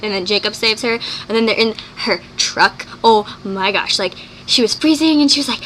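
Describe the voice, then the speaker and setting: A woman chatting in a casual vlog, talking fast and gushing, with plenty of "like" and acted-out quotes. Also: medium pitch, a little hiss or hum. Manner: excitable, acts out quoted lines. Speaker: vlogger. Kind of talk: casual vlog chat reviewing a movie.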